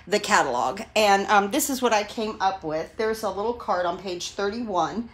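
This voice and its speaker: A woman's voice: mid-range voice, lively intonation, moderate pace. A woman in her sixties hosting a casual live craft stream, chatty and digressive, gushing with enthusiasm and greeting viewers by name as she goes. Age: 60s.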